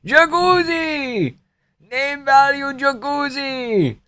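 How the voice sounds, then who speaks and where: Man doing a loud fighter impression, bellowing slogans slowly, high and hyped. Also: heavily acted. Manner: loud, drawn-out shouting.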